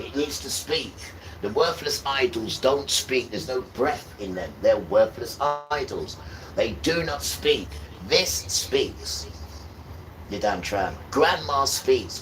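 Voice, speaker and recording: A man preaches to his livestream audience, his voice bright and forceful. He drives points home by repeating them, jumping from sudden loud bursts to low, muttered asides. Faint noise hums underneath. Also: rough recording. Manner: emphatic, repetitive, swings between loud outbursts and low mutters. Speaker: livestream host. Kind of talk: impassioned spiritual monologue.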